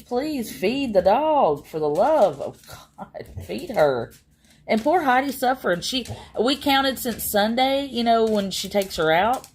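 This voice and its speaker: A woman talking casually to her livestream audience in a mid-pitched voice. She rambles and sounds exasperated, and her speech is full of fillers and restarts. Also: a little mellow.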